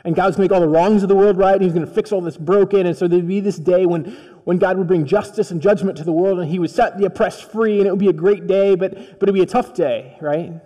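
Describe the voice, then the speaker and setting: Dark-toned male preacher in a reverberant hall. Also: high voice, fast, hardly any pauses. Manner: conversational storytelling that acts out dialogue. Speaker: pastor. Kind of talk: sermon. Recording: long reverb of a large hall.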